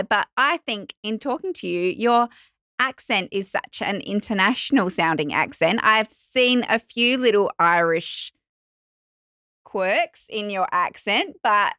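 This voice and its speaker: A woman's voice: on the high side, pushed and bright, dry recording. A woman hosts a podcast interview and reacts to her guest with eager exclamations. Her voice is recorded dry and close. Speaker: podcast host.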